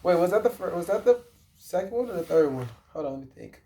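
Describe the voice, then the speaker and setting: A man's voice: high-pitched, expressive, fast, mellow. A man talking casually to his viewers about a film, rambling and slangy, with lots of swearing, fillers and self-corrections. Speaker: vlogger. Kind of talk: casual movie talk.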